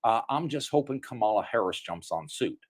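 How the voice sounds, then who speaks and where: A chatty man hosting a casual livestream, his pitch sitting in an ordinary middle range. He greets viewers warmly by name and tells stories in a relaxed, conversational way. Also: fairly quick. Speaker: livestream host. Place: home in Thailand.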